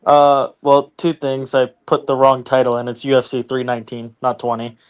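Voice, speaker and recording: A man with a mid-pitched voice co-hosts a sports chat stream. He talks casually and makes dry, sarcastic jokes. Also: flat delivery, normal speed, smooth. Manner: dry, wry humor. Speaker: co-host.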